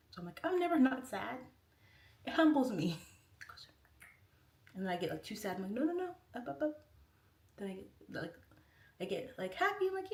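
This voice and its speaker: A woman hosting a casual livestream, rambling and chatty as she reads out viewer comments. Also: mid-range voice. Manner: chatty and rambling, heavy use of "like". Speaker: livestream host. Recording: roomy echo, distant mic.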